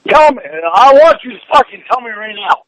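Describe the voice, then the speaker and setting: A man's voice: extremely high pitch, brisk, fairly bright tone. A man on a heated phone call, furious, swearing nonstop and making demands. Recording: dull phone line recording.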